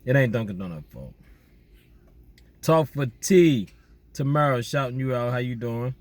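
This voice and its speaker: Male vlogger, casual slangy shout-out chat, outdoors at night. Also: medium pitch, measured pace, no room sound. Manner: relaxed slangy banter with listeners. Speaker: vlogger doing viewer shout-outs.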